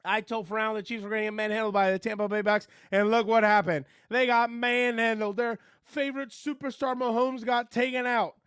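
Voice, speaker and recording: A man playing a boastful former high-school football star who rants about his sports takes and mocks a co-host. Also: level tone, a little fast, hardly any pauses, fairly bright tone, clear, resonant tone, no echo, studio quality. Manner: ranting, mocking, boastful. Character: brash boastful male sports-talk blowhard, ex-jock. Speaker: comedy segment character.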